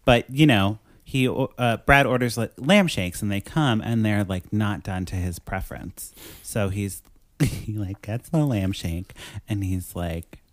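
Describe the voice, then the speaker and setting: A man's voice: fairly low pitch, a little slow, dry recording, studio quality. A man in casual chat, retelling a movie plot with lots of acted-out quotes. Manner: animated storytelling with acted quotes. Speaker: podcast co-host.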